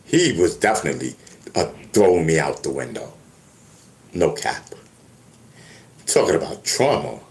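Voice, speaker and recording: This man's voice rumbles low, and he speaks unhurriedly with long pauses. Talking casually to camera in an echoey room, he spins animated stories full of stammers and restarts.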